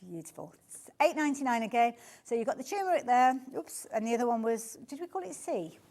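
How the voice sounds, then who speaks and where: A slightly high, darkish female voice talks fast with big swings in pitch. This shopping channel presenter shows fabrics on live TV from the studio, chatty and effusive, praising each design and repeatedly saying beautiful.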